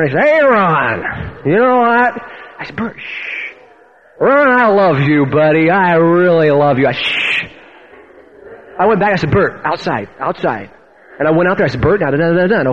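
High-voiced guy preacher telling a story, does all the voices, kinda muffled lo-fi sound. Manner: animated storyteller acting out quoted voices. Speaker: pastor. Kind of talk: storytelling sermon testimony.

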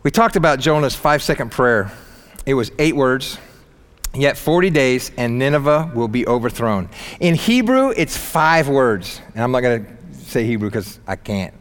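A man preaching a sermon in church, animated and humorous, jumping between loud bursts and quiet asides and laughing at his own jokes. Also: medium pitch. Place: church sanctuary.

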